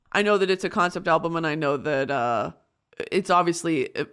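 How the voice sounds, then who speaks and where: A woman's voice: fairly low pitch, fairly bright tone, clear, resonant tone. A woman hosting a podcast, talking in an earnest, emotional personal monologue. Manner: emotional, earnest, tearful at times. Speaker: podcast host.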